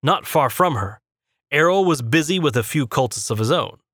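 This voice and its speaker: A man narrating a fantasy story in a steady, measured reading. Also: on the high side, dry recording, studio quality. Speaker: audiobook narrator.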